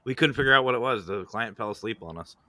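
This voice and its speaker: Bright-voiced laughing male ghost-hunt host. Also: on the low side, lively intonation, fast talker, dry recording. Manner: laughs often, acts out quotes. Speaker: paranormal podcast host. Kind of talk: casual banter, storytelling.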